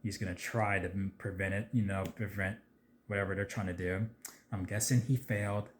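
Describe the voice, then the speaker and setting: A man chatting casually about a movie trailer, rambling with lots of fillers and getting excitable at times. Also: deep voice, normal speed, a little hiss or hum. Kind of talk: casual video commentary.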